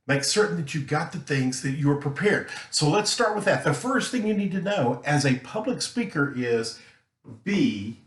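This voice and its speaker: A man teaching a recorded lesson, talking earnestly and emphatically, deliberately slowing his delivery. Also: mid-range voice, fairly bright tone. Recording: roomy echo.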